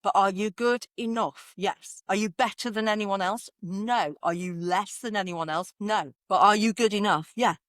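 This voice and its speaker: A woman, a confidence coach talking in an energetic, conversational way and repeating phrases for emphasis. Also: mid-range voice, moderate pace, few pauses, dry recording, clean studio sound. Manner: animated, repeats phrases, sings affirmations in varied inflections. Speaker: confidence coach, podcast guest.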